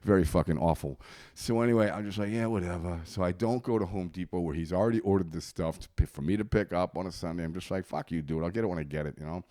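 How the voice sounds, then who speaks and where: A man's voice: low voice, fast, mellow. A man telling a long profane story in casual podcast chat, laughing often. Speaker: comedian guest.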